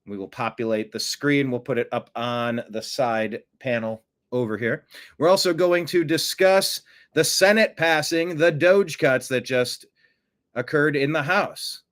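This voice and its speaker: A man hosting a political commentary show, animated and sarcastic, who often mocks others by putting on high voices. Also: measured pace. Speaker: host.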